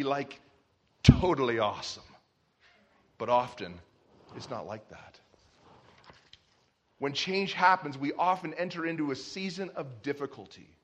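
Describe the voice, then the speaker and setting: Bright high-voiced male pastor. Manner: animated storytelling, shouting in character voices. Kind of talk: sermon.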